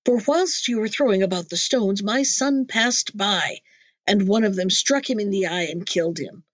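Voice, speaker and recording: A woman reading a storybook, voicing a merciless male genie in a slow, grim, deliberate way. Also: mid-range voice, no room sound, natural voice. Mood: menacing.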